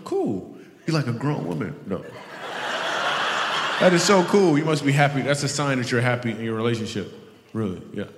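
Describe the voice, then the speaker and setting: A man's voice: medium pitch, lively intonation, moderate pace, pauses often, heavy background noise. A man doing stand-up comedy, teasing audience members in playful crowd work on stage with a handheld mic. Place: live show in a large venue with an audience. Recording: echoey hall with audience ambience.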